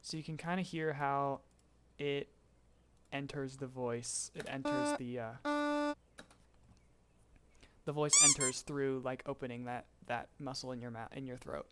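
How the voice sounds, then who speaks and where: A man's voice: mid-range voice, fairly even intonation, unhurried, pauses often, background noise. Chatty man explaining on stream. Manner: chatty, laughs often, greets chat mid-explanation. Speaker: streamer teaching voicebank tuning. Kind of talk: casual live-stream tutorial.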